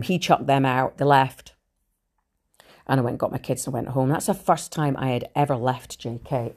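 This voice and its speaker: A Scottish woman with a Glasgow accent, telling her own story in a blunt, animated monologue full of swearing. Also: rumbling low. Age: adult with three children. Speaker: speaker sharing her recovery story.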